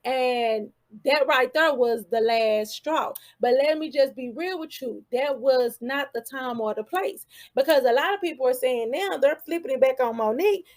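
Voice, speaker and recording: A woman hosting her own channel, giving casual commentary full of rhetorical questions and asides. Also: sits high.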